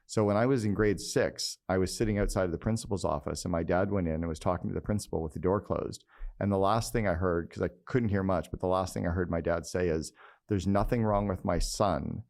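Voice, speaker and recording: A middle-aged man, a guest business mentor on a podcast interview, telling candid, energetic anecdotes. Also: low voice.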